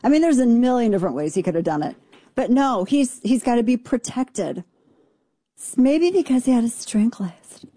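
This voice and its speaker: A woman's voice: fairly high pitch, expressive, normal speed, dark tone, no echo. A woman hosting a talk radio show, ranting in a brash, sarcastic, mocking way. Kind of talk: opinionated talk radio rant.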